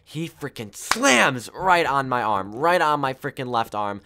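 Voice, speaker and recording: A man's voice: medium pitch, lively intonation, normal speed, few pauses, bright, forceful tone, slight background noise. A young man casually telling a personal story while playing a game, rambling with many fillers and self-corrections. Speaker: gaming YouTuber.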